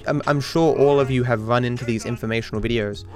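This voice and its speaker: A man's voice: medium pitch, steady tone, fast. A man rambling casually as a streamer, swearing freely and often restarting his sentences. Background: faint chill hop music.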